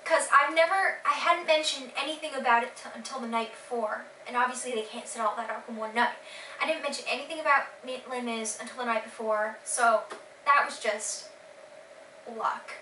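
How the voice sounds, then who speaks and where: Teen girl, gushing vlog chat, high bright voice, echoey room, a bit far from the mic. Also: normal speed, a little hiss or hum. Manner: gushing, excited, lots of fillers. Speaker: vlogger. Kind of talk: casual vlog storytelling.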